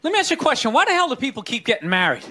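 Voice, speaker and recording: A man's voice: very high voice, big pitch swings, very fast, sharp tone, a little hiss or hum. A young man doing a stand-up comedy routine on a club stage, talking casually and profanely and throwing rhetorical questions at the audience. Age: young adult.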